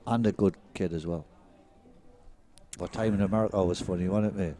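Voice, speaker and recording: A man's voice: sits low, steady tone, brisk, mellow. A man with a British accent commentating live on a pool match, chatting and joking with his co-commentator. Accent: British English. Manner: chatty, jokey, laughs often. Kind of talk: live sports commentary, casual banter.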